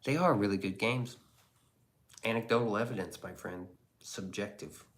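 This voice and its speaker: A man with a fairly low voice casually reads viewer comments on a live stream at normal speed. He's sarcastic and crude, slipping into whispers and mock voices.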